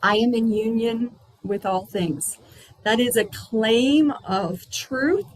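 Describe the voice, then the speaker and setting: A woman hosting a spiritual healing circle over a video call from her outdoor patio, talking in a gentle, unhurried, chatty way. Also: fairly high pitch, poor audio.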